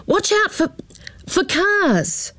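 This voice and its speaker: Woman voicing a gentle, worried New mother. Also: extremely high pitch, sing-song, very slow, no room sound, pitched above the performer's own voice, exaggerated voice. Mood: anxious. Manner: soft and soothing, calls her daughter love.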